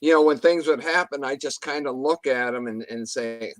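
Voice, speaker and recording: A man's voice: medium pitch, moderate pace, dry recording. A man telling a story in a casual interview, rambling with restarts and mild swearing, acting out what others said. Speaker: guest telling an encounter story.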